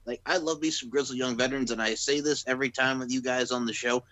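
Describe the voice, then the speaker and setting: A man co-hosting a wrestling podcast, loud and joking with crude humor and frequent laughter. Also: medium pitch, fairly even intonation, fast. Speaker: podcast co-host. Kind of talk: casual podcast banter.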